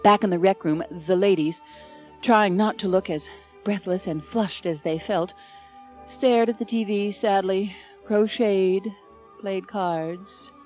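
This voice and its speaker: A woman narrating an unabridged audiobook in a warm storytelling manner, close to the mic. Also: mid-range voice, steady tone, takes it slowly, soft background music. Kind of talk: scripted narration.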